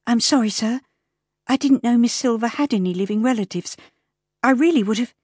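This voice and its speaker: A woman voicing a kind, sensible young working woman in an audiobook, gentle and earnest. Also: on the high side, brisk, slightly rough, no room sound, clean studio sound, pitched above the performer's own voice. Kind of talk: audiobook character voice.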